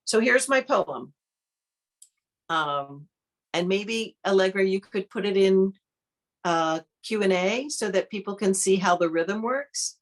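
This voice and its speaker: A woman leading an online art workshop, calmly thinking aloud as she demonstrates each step. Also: mid-range voice. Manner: calm, unhurried, thinks aloud while demonstrating. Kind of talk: online interactive workshop teaching.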